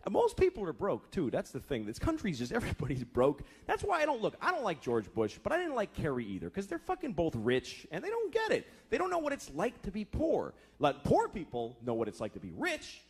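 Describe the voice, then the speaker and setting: A man in his thirties doing a profane stand-up routine, exasperated, slipping into quick character voices. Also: high-pitched, wildly swooping pitch, slightly rough. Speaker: stand-up comedian. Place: comedy club stage with laughing audience. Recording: live club recording with audience noise. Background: audience laughter.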